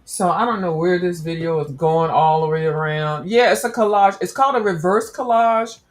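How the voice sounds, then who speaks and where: A woman's voice: fairly low pitch, moderate pace. A woman hosting a casual crafting livestream, chatting in a rambling, slangy way and talking straight to her viewers. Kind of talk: casual chat while crafting.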